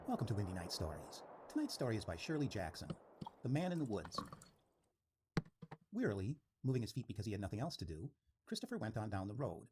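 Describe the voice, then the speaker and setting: A man's voice: on the low side, big pitch swings, fast talker, pauses often, loud music behind the voice. A man hosting a storytelling show, introducing and starting to read a story. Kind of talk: scripted story narration.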